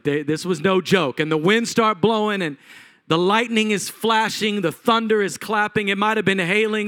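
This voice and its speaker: A man preaching a sermon as pastor, telling a story with animated swings between loud and hushed. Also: high-pitched.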